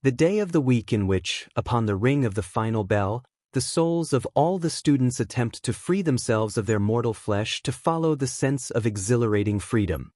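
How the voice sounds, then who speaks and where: A man reading a fan fiction story aloud in a steady storytelling manner. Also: medium pitch, moderate pace, few pauses, no echo, clean studio sound.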